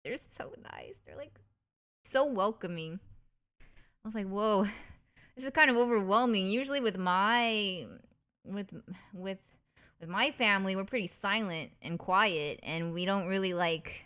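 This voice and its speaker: A woman's voice: a little slow, clear, resonant tone. A young woman streamer telling a story in a casual, bubbly way, full of fillers and restarts. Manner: animated, putting on high eager voices when quoting people.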